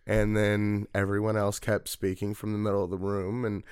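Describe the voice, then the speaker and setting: Relaxed and rambling, this Missouri committeeman for a political party fills his long story with frequent fillers as a guest in a casual interview. He speaks at normal speed in a smooth, fairly low voice, with clean studio sound and no room sound.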